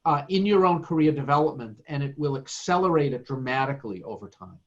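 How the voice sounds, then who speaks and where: A man's voice: mid-range voice, animated, brisk, muffled recording. A middle-aged man giving earnest, emphatic career advice as a guest in a podcast interview, with plenty of fillers. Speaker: guest speaker.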